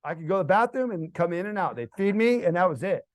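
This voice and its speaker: Middle-aged American man, casual group talk, fairly high voice, dry sound, animated storyteller. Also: fast, no echo. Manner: animated, builds to loud excited outbursts. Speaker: speaker at a church forum. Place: church hall event.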